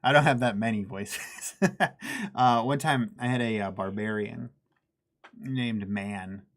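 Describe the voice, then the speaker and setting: Male streamer, casual tutorial delivery, self-deprecating, gravelly edge. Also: lowish voice, steady tone, takes it slowly. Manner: chatty, self-deprecating, laughs easily. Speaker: miniature painting streamer. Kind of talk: casual live painting tutorial.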